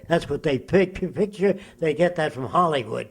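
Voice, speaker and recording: A man's voice: on the high side, expressive, normal speed, hardly any pauses, husky. A man in his nineties giving emphatic, lecturing interview answers and often asking rhetorical questions. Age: 90s.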